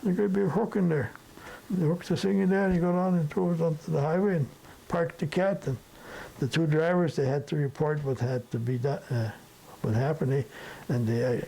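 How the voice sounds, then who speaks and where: An older man from the Sudetenland recalls his past at an easy, rambling pace, dotting his tale with little tag questions. His voice is gravelly and mellow in tone. A faint hiss sits under the recording. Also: medium pitch, poor audio. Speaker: interviewee. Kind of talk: storytelling reminiscence.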